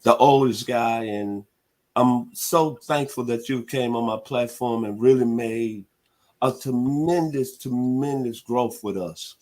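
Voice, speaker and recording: A man's voice: mid-range voice, takes it slowly, a little mellow. A man in his sixties from the Southern United States, hosting sports talk radio in a laid-back, folksy way. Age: 60s.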